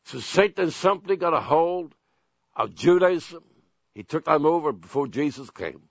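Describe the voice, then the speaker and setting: Male preacher, slow and emphatic, kinda muffled dry recording. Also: a little high, lively intonation, vocal fry, no echo. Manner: emphatic, deliberate preaching with pointed questions. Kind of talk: sermon. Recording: dull, dry lo-fi sound.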